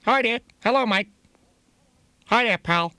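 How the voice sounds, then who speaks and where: A man's voice: high-pitched, unhurried, sharp tone, clear, resonant tone, no echo. A man making a prank phone call, talking crudely and rambling, full of profanity and chuckles. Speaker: prank caller.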